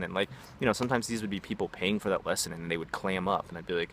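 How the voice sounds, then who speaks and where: A man's voice: deep voice, very fast, creaky, hardly any pauses, a bit bright, slight background noise. A man telling stories about teaching English in a casual, rambling vlog, with many fillers and acted-out quotes. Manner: rambling, filler-heavy, acts out quoted voices. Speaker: vlogger, former English teacher.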